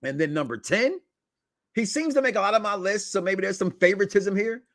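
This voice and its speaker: A man hosts a wrestling talk podcast, emphatic and fond of dramatic pauses as he counts down a list. His voice sits high and swings widely in pitch, recorded close and dry. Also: expressive, a bit bright, dry recording. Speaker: podcast host.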